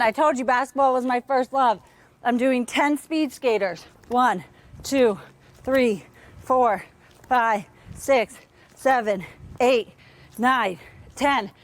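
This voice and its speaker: A woman coaching kids through a live online tennis workout, upbeat and counting drills aloud, sometimes out of breath. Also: high voice.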